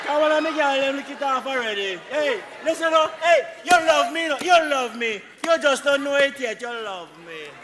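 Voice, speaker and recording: Stage play: a Jamaican bully, high bright voice, taunting, shouting, hall reverb. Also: male voice, moderate pace, hardly any pauses, a crowd in the background, background noise. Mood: angry. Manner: taunting, domineering, often shouting. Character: menacing, boastful man abusing his power. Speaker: stage actor. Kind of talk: live stage play acting. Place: theatre stage with a live audience. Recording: theatre stage with long reverb.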